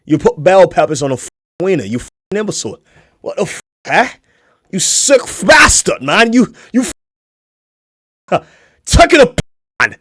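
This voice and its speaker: A young man streaming a casual reaction video, profane and mocking, swinging into shouts. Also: high voice, sing-song, moderate pace, pauses often, husky, no echo, studio quality.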